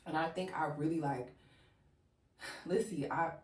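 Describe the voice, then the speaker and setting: A young adult woman vlogger with a low-pitched voice tells a personal story at a measured pace, chatting casually, leaning heavily on "like" and addressing her viewers as y'all. She sounds far from the mic in an echoey room.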